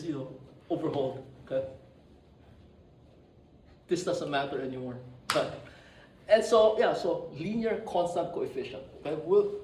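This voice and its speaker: A man's voice: high-pitched, slight background noise. A man teaching an engineering class, joking with students and often checking in with "right?" and "okay?". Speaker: engineering professor. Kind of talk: classroom lecture. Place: lecture room. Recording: echoey classroom, distant mic.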